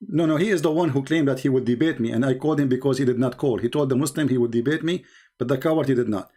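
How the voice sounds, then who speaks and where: A man hosts a heated live debate over a video call, speaking very fast in a medium-pitched, dark-toned voice. He's combative and keeps repeating phrases, using non-native, broken grammar.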